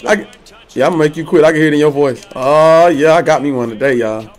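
A man streaming a football video game, trash-talking his opponent loudly with slang, swearing and laughter. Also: fairly high pitch, quick pace. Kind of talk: trash-talking gameplay commentary.

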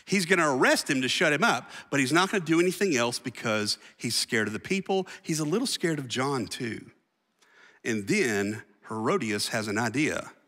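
Bright-voiced man preaching in a hall. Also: medium pitch, animated, moderate pace. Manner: casual, slangy storytelling preacher. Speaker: pastor. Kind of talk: sermon. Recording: reverberant church hall.

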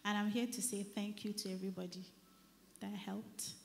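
A woman's voice: mid-range voice, little pitch movement, moderate pace, gravelly. Nigerian woman testifying in an echoing hall. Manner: earnest, often dropping to a near whisper then rising loud. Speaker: church member giving testimony. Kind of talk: church testimony. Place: church service. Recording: reverberant church hall, faint noise.

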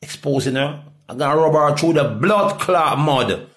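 A middle-aged Jamaican man in a rambling, profane monologue that swings from loud outbursts to low mutters. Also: expressive, moderate pace. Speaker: reggae artist.

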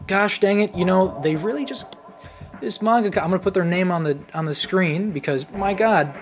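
Young guy rambling over pics, voice bouncing all over, bit of music under it. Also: on the high side. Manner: rambling, animated, playful with repeated words. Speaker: channel host. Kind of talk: casual commentary on images.

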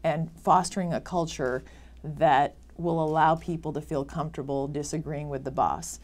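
Low-voiced woman, halting interview answers. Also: steady tone, a little mellow. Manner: halting, with fillers and restarts. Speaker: former senator, guest.

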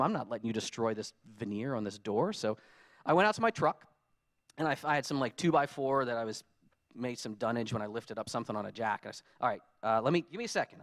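A man giving a conference talk, telling lively stories and acting out his own frustrated quotes. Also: mid-range voice. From United States. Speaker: conference speaker. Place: conference hall.

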